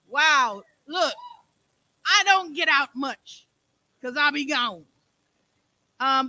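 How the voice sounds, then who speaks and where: A woman's voice: sits high, sharp tone, poor audio. A woman hosting an open mic, chatting with the crowd between poets and calling out to the audience. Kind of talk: emcee banter.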